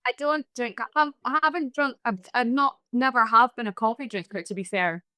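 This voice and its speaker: A woman with a Scottish accent, a guest on a podcast, talking frankly and chattily and quick to laugh. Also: a little high, bright, forceful tone, no echo, studio quality. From Scotland. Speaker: podcast guest, TEDx speaker. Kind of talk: casual interview chat.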